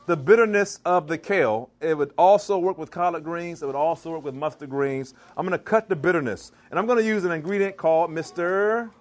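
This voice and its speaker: High-voiced playful man teaching cooking. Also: fairly quick, few pauses. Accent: Maryland. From Washington DC / Maryland area, US. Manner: lively, playful, call-and-response with audience. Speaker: chef giving a cooking demo. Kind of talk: live cooking demonstration. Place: church hall, in front of a live audience.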